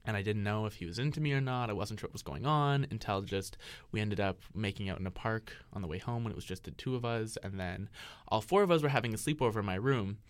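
A man's voice: lowish voice, clean tone, dry recording. A young man co-hosting a candid chat, gushing and giggling as he tells a story. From Canada. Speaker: podcast co-host.

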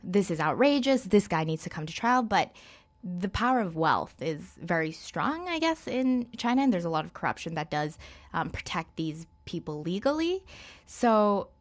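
Woman guest, rambling and casual, slightly low voice, heavy on fillers. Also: big pitch swings, moderate pace. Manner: chatty, many fillers and hedges. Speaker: guest film reviewer. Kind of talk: casual interview chat.

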